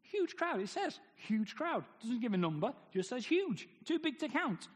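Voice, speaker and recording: A man's voice: extremely high pitch, sing-song, normal speed. A man preaching a sermon, firing off rhetorical questions with wry humor. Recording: long hall reverb.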